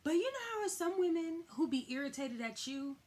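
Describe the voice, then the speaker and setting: A woman's voice: extremely high pitch, moderate pace. A young woman talking through a TV episode in a casual, chatty way, with a loose lilt, acting out the characters' lines as she goes. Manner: chatty, animated, heavy use of "like", acts out quotes. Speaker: TV recap host.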